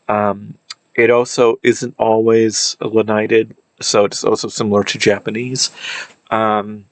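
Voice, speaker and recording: Low-voiced man musing through a language lesson. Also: no echo, poor audio. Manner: thinking aloud, many fillers and self-corrections. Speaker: video lecturer on historical linguistics. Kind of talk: casual unscripted explainer.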